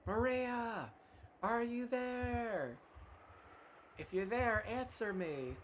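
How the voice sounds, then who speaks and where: A man's voice: a little high, normal speed, a little hiss or hum, natural voice. A man voicing an anguished young mother who begs her daughter's forgiveness in a tearful, pleading way. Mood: frantic calling.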